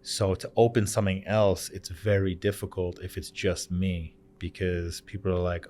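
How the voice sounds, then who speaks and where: A man in his thirties who owns a bar in Canada chats casually as a podcast guest. He tells stories with animation and voices the other characters himself. His low voice moves at normal speed with hardly any pauses.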